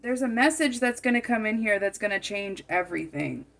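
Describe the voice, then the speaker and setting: A woman reads tarot cards aloud in a loose, musing monologue. Her voice carries a gravelly fry, and she circles back to repeat and rephrase her words as she works through the spread. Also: mid-range voice, expressive, fairly quick, a bit bright. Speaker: tarot card reader.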